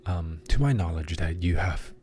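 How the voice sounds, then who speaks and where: A man's voice: sits low, moderate pace, a little mellow, soft background music, natural voice. A man voicing an old, ailing male king who speaks in a weak voice that still holds some authority. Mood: weak, formal.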